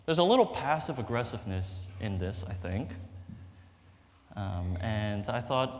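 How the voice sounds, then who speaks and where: Man, pastor, sermon, conversational, lively intonation, church hall reverb. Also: on the low side, a little slow. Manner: conversational, animated, frequent "right?" and "okay?".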